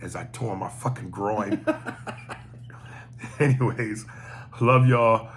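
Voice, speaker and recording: A man's voice: on the low side, slow pace, a bit bright. A man hosting a podcast, reading listener emails aloud with profane, joking commentary. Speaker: podcast host.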